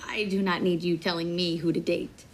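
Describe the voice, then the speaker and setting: A woman's voice: on the low side, flat delivery, normal speed, slight background noise, lightly acted. An actress as a tough 1950s Chicago girl. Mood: defiant. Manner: blunt, defiant. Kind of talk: film drama.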